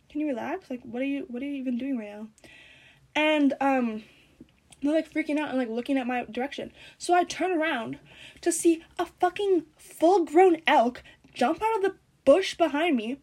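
A teenage girl vlogging casually, reading out her own notes with rambling, sarcastic, animated storytelling while chewing gum. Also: high voice. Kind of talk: casual chat.

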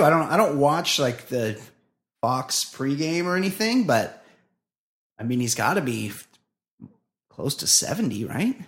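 A co-host in a relaxed comedy podcast, mid-pitched and easygoing, trading dry jokes and wandering through stories with plenty of restarts. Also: normal speed. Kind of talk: casual comedy podcast chat.

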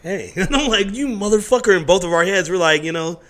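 A middle-aged man chatting casually, telling animated stories, acting out the voices of people in them and swearing freely. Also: high-pitched, fast talker. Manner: animated storyteller who acts out quotes, swears freely. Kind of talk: casual conversation.

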